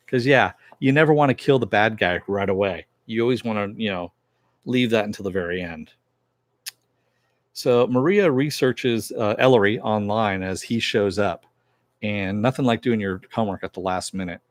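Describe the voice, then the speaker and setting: A man's voice: lowish voice, normal speed, no echo. A man giving a rambling, offhand recap of a TV episode, swearing casually as he retells the plot. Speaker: TV episode reviewer.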